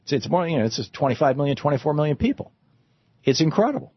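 Middle-aged guy rambling on his radio show, husky low voice, dry dull audio. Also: very animated, quick pace, no echo. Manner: rambling, with frequent restarts and fillers. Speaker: radio host. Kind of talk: talk radio monologue.

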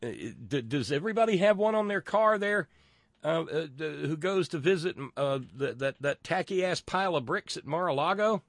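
Middle-aged male host, sardonic political rant, swinging pitch, dry close sound. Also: expressive, normal speed, dry recording. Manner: sardonic, profane, stammering restarts. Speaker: podcast host. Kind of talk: political commentary monologue.

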